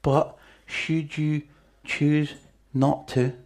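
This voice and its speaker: A man's voice: on the high side, little pitch movement, extremely slow, darkish tone. A man preaching a sermon in a chatty, conversational way, with asides to the congregation.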